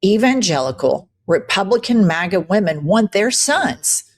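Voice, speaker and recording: A woman's voice: medium pitch, very animated, measured pace. A woman hosting a political commentary show, talking bluntly, profanely and with heavy emphasis.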